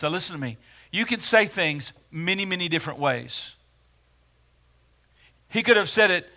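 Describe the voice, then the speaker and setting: A male pastor preaching a sermon in a dramatic way, swinging from hushed words to loud ones. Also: on the high side, expressive, moderate pace, pauses often.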